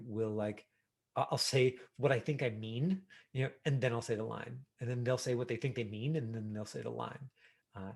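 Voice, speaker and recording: A middle-aged man teaching an online acting class over a video call, talking casually with lots of fillers and lively examples. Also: medium pitch. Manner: casual, animated, many fillers.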